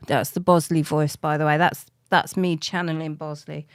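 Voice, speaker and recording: A middle-aged British woman streaming a game, chatting casually and self-mockingly, laughing often and counting softly under her breath. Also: low-pitched, flat delivery, moderate pace, hardly any pauses, clean tone, no room sound. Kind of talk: casual live-stream chat while playing.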